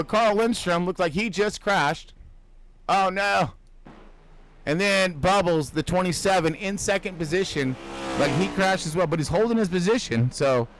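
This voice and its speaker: A man giving casual, jokey sim racing commentary who gets excitable and shouts when cars crash. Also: sits high, background noise. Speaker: race commentator.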